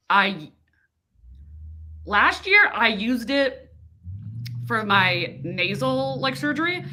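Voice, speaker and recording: A woman chatting casually on a video call, telling a work story with lots of acted-out quotes. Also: fairly low pitch. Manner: animated storyteller, acts out quoted people. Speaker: co-host of a reading sprint livestream. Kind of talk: casual chat.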